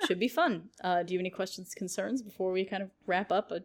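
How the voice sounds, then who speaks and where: A young woman who co-hosts a podcast and writes a series chats casually at a fast clip in a medium-pitched voice, rambling and laughing often.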